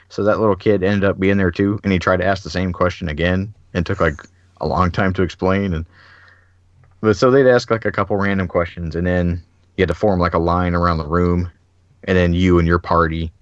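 Very deep-voiced man telling a story. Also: a little fast, no room sound, highs cut off. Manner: animated storyteller, many "like" fillers, acts out quotes. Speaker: podcast host. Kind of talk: casual chat.

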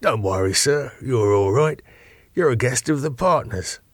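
A man's voice: medium pitch, animated, measured pace, slightly rough, no echo. A man doing a politely evasive bodyguard. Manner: courteous, deferential, evasive. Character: polite heavy-set male bodyguard, late thirties.

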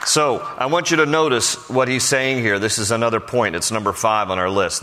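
A man's voice: mid-range voice, brisk, pushed and bright, big-room sound, a faint crowd, a little hiss or hum. A man preaching a Bible study sermon in a conversational way, with frequent fillers and restarts. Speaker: pastor.

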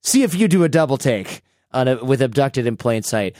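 A man's voice: medium pitch, animated, moderate pace, a little mellow, dry recording, clean studio sound. A man hosting a podcast, chatting casually and telling stories animatedly. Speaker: podcast host.

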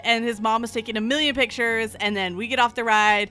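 Bright chatty woman telling a story. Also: on the high side, steady tone, brisk. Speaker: podcast panelist. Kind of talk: casual storytelling chat.

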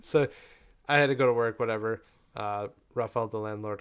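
A young man telling a story in casual chat, profane and animated, full of "like" fillers. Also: lowish voice, normal speed, smooth.

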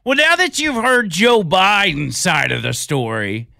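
A man's voice: high voice, sing-song, measured pace, creaky, bright, forceful tone, no room sound, studio quality. A man hosting a talk radio show, mocking and sarcastic, throwing rhetorical questions at his listeners. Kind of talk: opinionated talk radio commentary.

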